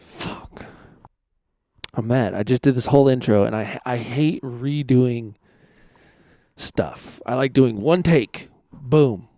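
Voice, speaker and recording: A man's voice: mid-range voice, slow, long pauses, mellow, dry recording, clean studio sound. A man hosting his own podcast, talking casually and rambling, often swearing as he vents. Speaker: podcast host.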